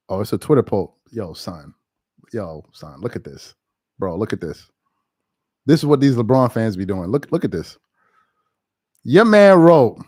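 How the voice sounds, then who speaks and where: A man's voice: medium pitch, darkish tone, no room sound, studio quality. A man doing casual live-stream sports commentary, laughing often and trash-talking.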